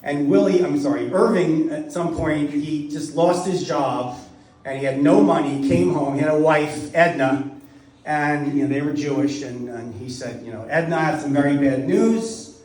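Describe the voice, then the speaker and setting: A middle-aged man tells rambling party jokes from a distance, his voice sitting fairly high and bouncing around a roomy studio space. He chuckles his way through the stories, loose and unrehearsed. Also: fairly even intonation, moderate pace, a little mellow. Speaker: party guest telling jokes. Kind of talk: stand-up joke telling at a party. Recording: roomy sound from a distant mic.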